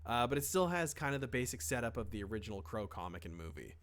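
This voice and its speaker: A young man chatting on a podcast, rambling through his thoughts with plenty of "um" and "like" and casual swearing. His voice sits at an ordinary middle pitch. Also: sing-song, fast talker, a bit bright. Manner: rambling, lots of fillers and restarts, swears casually. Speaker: podcast co-host. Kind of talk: casual chat.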